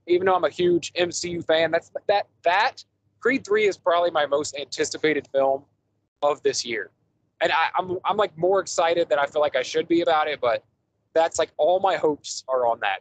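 A man's voice: fairly high pitch, poor audio. Rambling man chatting movies on a podcast. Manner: rambling, enthusiastic, frequent fillers and restarts. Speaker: podcast host. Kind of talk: casual podcast movie review chat.

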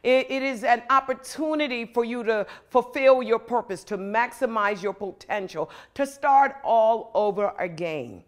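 A woman's voice: fairly high pitch, measured pace, hardly any pauses. A middle-aged woman preaching a motivational sermon in an emphatic, rhythmic way with repeated phrases.

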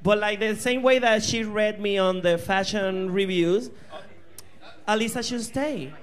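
A man's voice: high voice, unhurried. A man with a Puerto Rican accent, a drag performer co-hosting a bar viewing party, bantering with crude, laughing humor. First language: Spanish. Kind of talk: casual panel chat. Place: bar viewing party before a live crowd.

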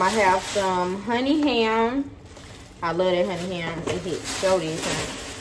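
A woman vlogging at home in her kitchen, chatting casually to her viewers and repeating points for emphasis. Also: medium pitch. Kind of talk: casual chat to camera. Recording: noisy home recording.

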